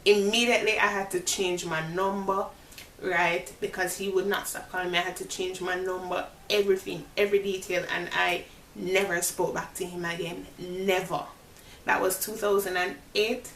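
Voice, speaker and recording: A woman vlogger recounts a personal story dramatically for her viewers, calling them "guys". She mentions her Christian faith as she talks. Her mid-pitched voice sits back from the mic in a roomy, echoing space with a light hiss underneath. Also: a bit bright. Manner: religious, speaks of faith and God. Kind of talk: storytime vlog, talking to viewers. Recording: roomy echo, distant mic, faint hiss.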